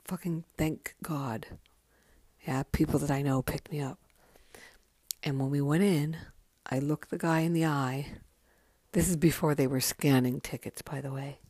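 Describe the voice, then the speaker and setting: Low-voiced, profane woman telling stories. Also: fairly even intonation, unhurried, long pauses, warm tone, no room sound. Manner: candid, profane and chatty. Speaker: podcast host. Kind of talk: casual memoir storytelling.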